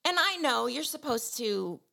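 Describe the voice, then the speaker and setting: A woman co-host telling a lively story in casual chat, acting out the voices of people in it with self-mocking humor. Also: fairly high pitch, a little slow, creaky. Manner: animated, acts out voices of people in her story.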